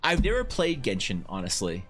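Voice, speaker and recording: A young man talks to his live-stream audience from his home desk, in a voice of ordinary middle pitch. He rambles and restarts, lively when he tells a story. Soft music plays quietly behind him. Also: normal speed. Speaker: Twitch streamer and artist. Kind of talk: casual live-stream chat while painting.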